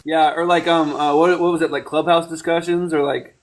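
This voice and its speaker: A young man in casual chat, asking quick questions and laughing easily. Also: on the high side, level tone, low-quality recording.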